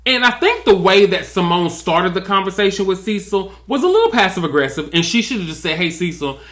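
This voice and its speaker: Sassy man, high voice, bright tone, drawling reality TV recap. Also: sing-song, a little fast. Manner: sassy, drawling, mimics cast members in quotes. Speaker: reality TV commentator. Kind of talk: comedic TV recap commentary.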